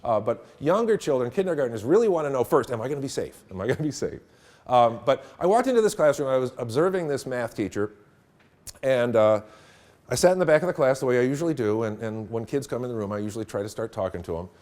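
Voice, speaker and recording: A middle-aged man lectures a room of teachers at a workshop, his pitch rising and falling with plenty of life. He tells anecdotes in an animated way and breaks into laughter along the way. His voice sits at an ordinary pitch for a man. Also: fast talker. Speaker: teacher trainer. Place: room with a live audience.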